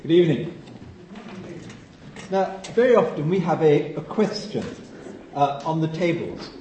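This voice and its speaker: A man from England preaching a sermon, telling stories with lively emphasis and dropping to a quiet hush at solemn points. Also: on the high side, measured pace, echoey room, highs cut off, a little hiss or hum. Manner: animated storytelling, drops to a hush for solemn moments.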